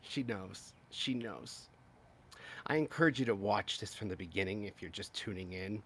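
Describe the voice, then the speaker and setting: A man hosting a live-stream political commentary, talking in an animated, exclaiming way and mocking others with high-pitched impressions. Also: moderate pace, slight background noise. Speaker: political commentary channel host.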